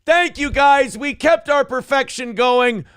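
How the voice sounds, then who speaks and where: A man hosting a casual livestream, rambling excitably with crude jokes and cooing to his dog. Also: very high-pitched, measured pace, no room sound, clean studio sound. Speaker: livestream host.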